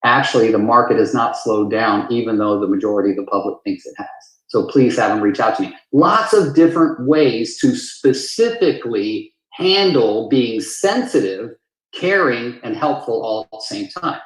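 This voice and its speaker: A man's voice: medium pitch, expressive, normal speed, a bit bright. Earnest man in an echoey room. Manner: earnest, emphatic, repeats phrases for weight. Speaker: real estate coach. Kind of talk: live town hall talk. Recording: roomy echo.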